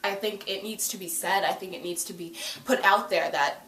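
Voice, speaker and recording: Gushing, excitable young woman vlogging. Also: mid-range voice, moderate pace, a little hiss or hum. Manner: gushing, excitable, heavy use of "like". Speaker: video reviewer. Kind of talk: casual vlog recap. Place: at home by a couch.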